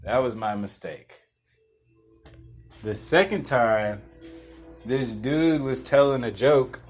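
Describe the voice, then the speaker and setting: A young man hosts a podcast, spinning a rambling, laid-back story full of restarts and chuckles. His voice is medium-pitched with lively intonation and a slow pace, and faint music plays behind him.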